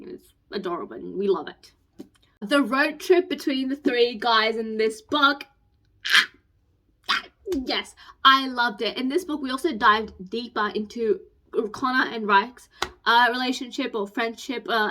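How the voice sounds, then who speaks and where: Excitable woman gushing about books. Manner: gushing, fast and excitable, gets squeaky when excited. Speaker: book vlogger. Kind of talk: casual book review rant.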